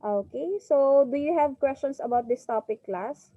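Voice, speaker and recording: A woman's voice: sits high, normal speed, mellow, dry recording. Filipino woman teaching an online class. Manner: drills pronunciation, repeats "okay" often. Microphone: video call. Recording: dull lo-fi online call audio.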